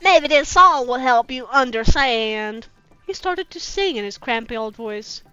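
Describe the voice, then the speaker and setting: Woman host, slow deliberate delivery, dry close sound, mocking and swearing through a fanfic reading. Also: on the high side, expressive, bright, forceful tone, clean tone, no echo. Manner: sarcastic, swears freely, mocking asides. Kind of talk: reading fanfiction aloud with commentary. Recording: dull lo-fi with faint music.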